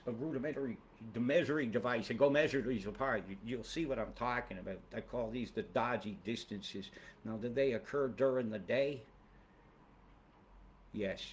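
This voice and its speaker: A man's voice: fairly low pitch, a little hiss or hum. A man hosting a weather livestream who rambles into angry, profane, conspiratorial rants.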